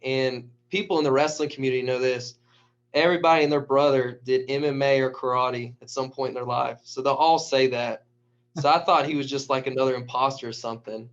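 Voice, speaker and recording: A man, a high school wrestling coach, telling stories in a casual, animated way and acting out the lines of people in them. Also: a little fast. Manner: animated storyteller who acts out quotes. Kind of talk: casual storytelling. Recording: dull lo-fi recording.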